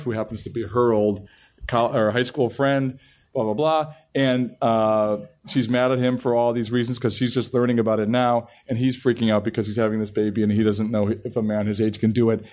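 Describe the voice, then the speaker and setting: A man's voice: mid-range voice, steady tone, brisk, a little mellow. A middle-aged man, a television writer, telling a long story at a panel interview and often restarting his sentences. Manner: rambling storytelling with frequent restarts. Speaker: television writer and show creator.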